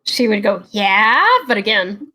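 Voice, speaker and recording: A woman's voice: mid-range voice, brisk, a bit bright. A woman playing a tabletop game, chatting casually and explaining her character. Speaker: player. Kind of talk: casual chat.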